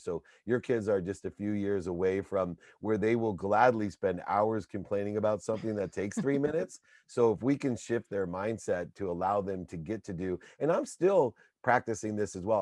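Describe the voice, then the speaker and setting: Middle-aged guy on a podcast, lowish voice, dry close sound, upbeat motivational chat. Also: no room sound. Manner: energetic, anecdotal, motivational. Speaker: podcast guest. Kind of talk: casual interview talk.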